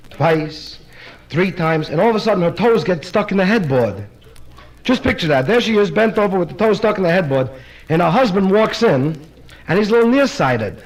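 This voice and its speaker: Man, stand-up comic, live show, high-pitched voice, run-on joke patter. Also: low-quality recording. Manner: rapid run-on storytelling with "he says, she says". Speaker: stand-up comedian. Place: live party performance.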